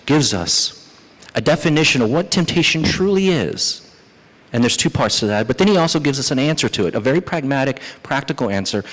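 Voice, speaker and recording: A male pastor preaching a sermon, lively and animated, who acts out the psalmist's complaints as he goes. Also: medium pitch. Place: church sanctuary. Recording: church hall reverb.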